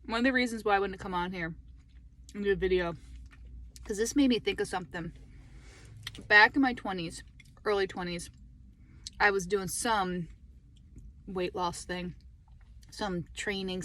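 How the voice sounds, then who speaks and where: A middle-aged woman chats casually into her phone while sitting in her parked car. She is animated and talkative, laughing easily between stories. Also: mid-range voice, normal speed, long pauses. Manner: chatty, animated, laughing often. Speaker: lifestyle vlogger. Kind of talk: casual talk to camera.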